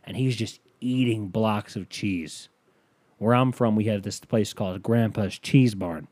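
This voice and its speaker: A man's voice: lowish voice, measured pace, darkish tone, no echo. A male comedian doing crude comedic riffing in a rambling, profane way.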